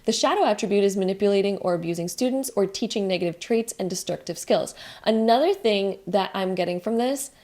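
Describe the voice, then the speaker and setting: Young woman doing a chill pick-a-card reading, soft mellow voice, kinda rambly. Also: mid-range voice. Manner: gentle, rambling, many "like" fillers. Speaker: tarot card reader. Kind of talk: casual spiritual card reading.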